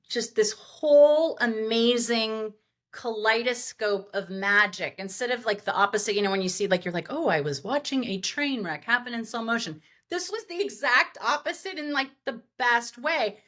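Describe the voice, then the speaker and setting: A woman event planner telling party stories as a podcast guest, animated and rambling with lots of fillers. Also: on the high side. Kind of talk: podcast interview storytelling.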